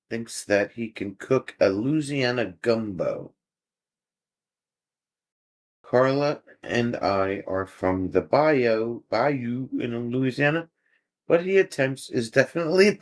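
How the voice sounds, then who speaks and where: A man hosting a casual livestream, chatting easygoing with viewers, reading their comments aloud and chuckling often. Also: mid-range voice. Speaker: livestream host. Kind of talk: casual chat with live viewers.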